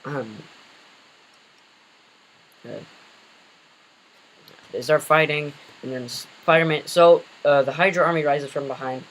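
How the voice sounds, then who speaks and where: A man's voice: a little high, slow pace, long pauses, a bit bright, low-quality recording. A man casually retelling an invented superhero story, rambling with many fillers and self-corrections.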